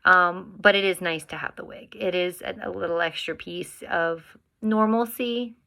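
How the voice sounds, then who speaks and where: Woman, casual vlog chat, rambling and filler-heavy, bright tone, lowish pitch. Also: fairly even intonation, normal speed, creaky. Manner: chatty, rambling, with many fillers and restarts. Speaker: vlogger.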